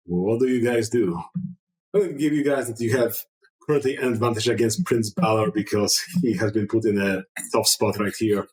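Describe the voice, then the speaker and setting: A man running a tabletop game as game master, chatty and relaxed, with many fillers. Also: lowish voice, brisk, echoey room, poor audio.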